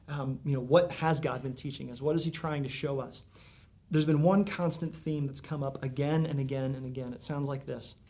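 A man's voice: fairly high pitch, darkish tone. A man preaching a sermon in a conversational way, full of asides and questions to the congregation. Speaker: pastor.

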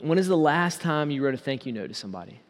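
A man preaching a sermon as pastor, asking the congregation rhetorical questions and slowing down on key words. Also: fairly high pitch, sing-song, big-room sound.

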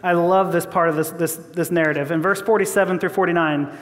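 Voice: mid-range voice, fairly even intonation, a little fast. Chatty preacher in a reverberant church. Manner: conversational, laughs often, repeats words. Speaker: pastor. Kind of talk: sermon.

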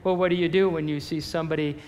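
Male pastor, casual and animated in his preaching, with a fairly high voice in a reverberant church hall. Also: quick pace. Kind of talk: sermon.

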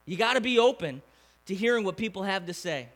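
Sitting high and moving a little fast, a man's voice delivers a lively, conversational sermon as a pastor, tossing rhetorical questions out to the crowd.

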